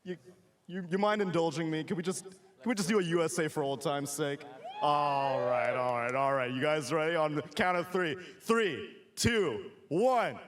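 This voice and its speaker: A man's voice: on the high side, steady tone, moderate pace. A man hosting an esports panel, joking with the crowd and leading chants. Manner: jokey, leads chants, shouts to crowd. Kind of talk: live crowd hype.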